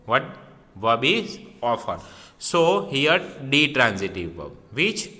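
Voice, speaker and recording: A male teacher walks through a grammar lesson at an unhurried, deliberate pace. His voice is bright and sharp-edged, and he repeats key words and poses questions that he answers himself. The sound carries a long reverb. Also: medium pitch, big pitch swings.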